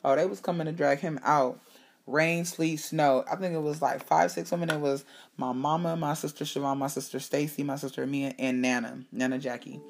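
A woman hosting her own show, telling a personal story in a candid, animated way, swearing freely and acting out what people said. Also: sits low, fairly quick, a little hiss or hum. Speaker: podcast host. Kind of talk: casual storytelling monologue.

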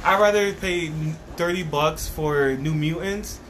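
A man's voice: a little high, measured pace, fairly bright tone, slight background noise, poor audio. Skeptical man in a podcast chat. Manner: skeptical, complaining. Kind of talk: casual group chat.

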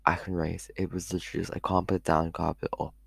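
A man's voice: deep voice, flat delivery, fast talker, gravelly, husky, dry recording. A teenage boy chatting casually on a live stream into a headphone mic, rambling and losing his thread. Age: teens. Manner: chatty, meandering, loses his train of thought. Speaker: vlogger.

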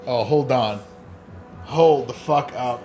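A man's voice: mid-range voice, slow, music in the background. A man hosting a casual solo podcast, rambling and swearing freely in a loose, crude way. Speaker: podcast host.

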